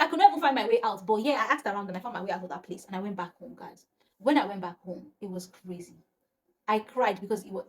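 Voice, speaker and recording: A young woman, telling a personal story to camera in a casual, animated way and acting out the dialogue. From Nigeria. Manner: animated, acts out quotes with rising pitch, laughs between lines. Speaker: storytime vlogger.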